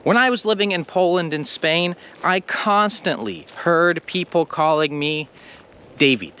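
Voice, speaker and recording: A man with an American accent teaching English pronunciation in a video lesson, slow and emphatic, stressing the ends of words. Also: a little high, sharp tone, a little hiss or hum.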